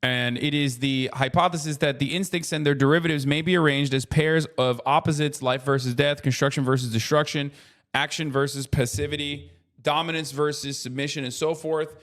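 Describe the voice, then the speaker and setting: Profane, animated male streamer ranting. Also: fairly high pitch, a little fast. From United States. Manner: animated, profane, swings into loud mocking rants. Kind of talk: casual livestream commentary. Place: traveling in Japan.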